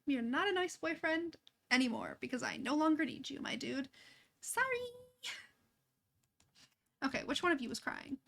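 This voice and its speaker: A young woman streams a life-sim game with casual commentary, talking to her characters and laughing a lot. Her high voice is a bit bright and creaky, moving at a moderate pace with frequent pauses.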